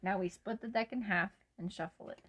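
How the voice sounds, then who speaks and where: A woman's voice: medium pitch, fairly quick, muffled recording, slight background noise. A young woman co-hosting a casual chat, playful and goofy, often laughing. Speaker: podcast co-host.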